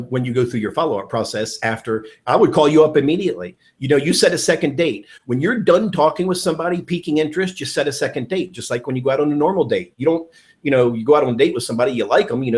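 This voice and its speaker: A man giving a network marketing training talk, excitable and acting out phone calls with sudden bursts of shouting. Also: mid-range voice, fast. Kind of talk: animated sales training talk.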